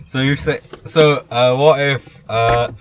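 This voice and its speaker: A young man co-hosting a late-night casual podcast chat in a van, with dry, deadpan jokes. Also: medium pitch, slight background noise. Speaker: podcast co-host. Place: inside a van.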